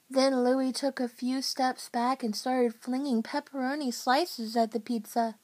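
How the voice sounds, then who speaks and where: Woman, bedtime storybook reader, slightly high voice, slow and gentle. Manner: gentle, unhurried.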